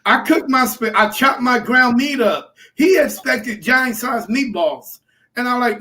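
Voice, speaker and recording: A man's voice: very high-pitched, unhurried, slight background noise. A man hosting a casual paranormal podcast chat, telling a story with jokes and laughs. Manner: animated storyteller, joking and laughing. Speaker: podcast host.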